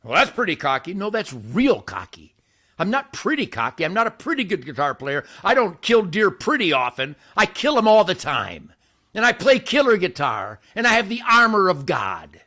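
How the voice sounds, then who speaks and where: An older man holds forth by a campfire in a boastful, combative rant. His voice is bright and edged, sitting somewhat high for a man. He swings from near-shouting to low asides. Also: very animated, normal speed. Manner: brash, boastful, loud swings in pitch and volume. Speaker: host of his own video show. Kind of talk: ranting monologue to camera. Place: outdoors by a campfire.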